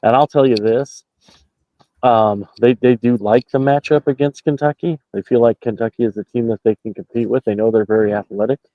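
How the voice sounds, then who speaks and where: A man's voice: mid-range voice, brisk, no echo. Sex: man. Style: rambling postgame basketball analysis. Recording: dull lo-fi call audio, dry. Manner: rambling, many fillers and restarts. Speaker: basketball reporter. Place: basketball arena, just out of the locker room.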